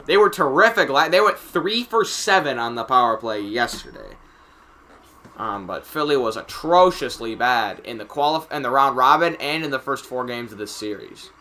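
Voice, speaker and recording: A man giving live play-by-play reaction commentary on a hockey game, excitable and getting loud on penalties, with chatty asides between plays. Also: medium pitch, moderate pace. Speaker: streamer calling the game.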